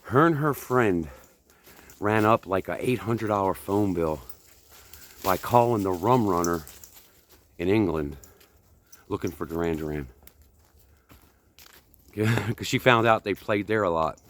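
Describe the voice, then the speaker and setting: A man's voice: low voice, measured pace, pauses often, a bit bright. A man in his fifties from the United States, chatting casually while walking outdoors on a hike. He rambles and pokes fun at himself, a little out of breath. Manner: rambling, chatty, self-deprecating. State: slightly out of breath. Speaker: vlogger.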